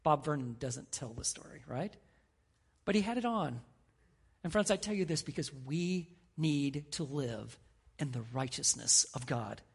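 A middle-aged man preaching a sermon as pastor, telling stories with animated quoted voices. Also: fairly high pitch, measured pace, vocal fry, slightly rough.

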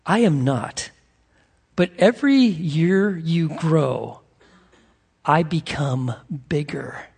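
A man voicing a great, wise male lion who speaks gently and lovingly, slow and hushed. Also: a little high, sing-song, creaky, slightly rough, in a large hall, full character voice. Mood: tender, solemn.

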